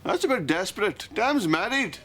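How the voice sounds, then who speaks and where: An actor playing a sarcastic, exasperated Scottish shopkeeper. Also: male voice, high-pitched, big pitch swings, moderate pace, fairly bright tone, slight background noise.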